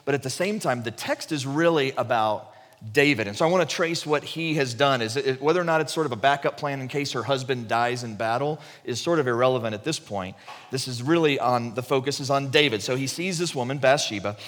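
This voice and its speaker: A man preaching a conversational sermon, retelling the story animatedly and dropping his voice low for emphasis. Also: a little fast, fairly bright tone, big-room sound.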